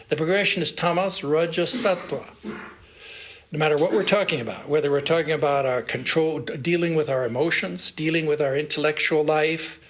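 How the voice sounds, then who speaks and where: A monk giving a Sunday spiritual lecture at a monastery, recounting a story in an unhurried way and pausing to search for words. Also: male voice, a little high, a bit bright.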